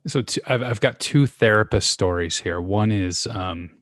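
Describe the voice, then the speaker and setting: A man with a very low, deep voice, telling candid personal stories in relaxed podcast conversation. His voice sounds dry and close to the mic. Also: moderate pace, no room sound. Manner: candid, storytelling. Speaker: podcast co-host. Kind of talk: casual conversation.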